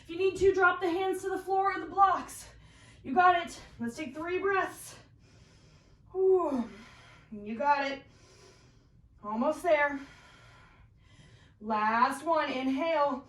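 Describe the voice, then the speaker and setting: A woman's voice: high-pitched, takes it slowly, pauses often. A woman teaching a guided yoga class, calling out poses and breaths with encouraging cues while practicing along and a little out of breath. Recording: roomy echo, voice from a distance.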